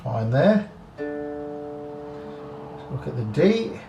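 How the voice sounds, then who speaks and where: A man's voice: a little high, lively intonation, drawn-out words, lo-fi sound. A man working as a guitar repair technician, talking casually through a setup and thinking aloud with frank asides. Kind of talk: casual workshop demonstration. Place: guitar workshop. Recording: roomy workshop, mic at a distance, faint music.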